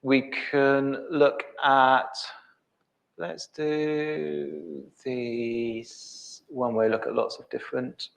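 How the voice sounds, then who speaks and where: A middle-aged man presenting a live software demo, thinking aloud with many ums and restarts. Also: mid-range voice, steady tone, extremely slow, vocal fry.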